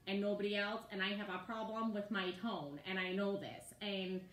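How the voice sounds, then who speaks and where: A woman's voice: fairly even intonation, moderate pace, fairly bright tone. A woman preaching a casual sermon, talking conversationally and often checking in with her listeners. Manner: conversational, keeps asking "right?" to the listeners. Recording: roomy echo with faint rumble.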